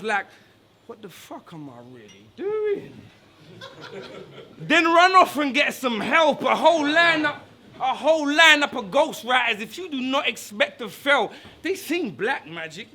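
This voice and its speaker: High, bright-voiced man shouting rap bars. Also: a little hiss or hum. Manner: aggressive, taunting, shouted punchlines. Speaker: battle rapper. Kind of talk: live rap battle verses.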